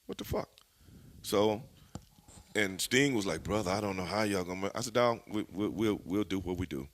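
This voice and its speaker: A man, a former wrestler, telling stories as an interview guest in an animated, profane way, laughing as he goes. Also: low-pitched, moderate pace. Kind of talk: storytelling in a shoot interview.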